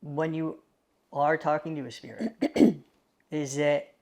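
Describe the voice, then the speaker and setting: Interviewer with a gravelly, creaky voice, asks slow careful questions. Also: mid-range voice, flat delivery, a little mellow.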